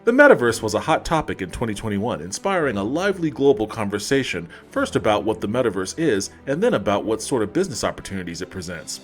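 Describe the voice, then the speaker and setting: A man with a lively, swooping voice sits behind the mic for a casual podcast chat. He laughs easily, often breaking into giggles mid-sentence. Soft music plays underneath. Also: fairly low pitch, quick pace, few pauses. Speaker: podcast co-host. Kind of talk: casual podcast chat and mock-formal reading.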